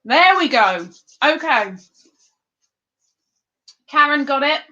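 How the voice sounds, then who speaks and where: A woman hosting a live-streamed trivia game, chatty and playful, reading the questions out slowly. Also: high-pitched, lively intonation, bright, forceful tone, highs cut off. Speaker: livestream quiz host.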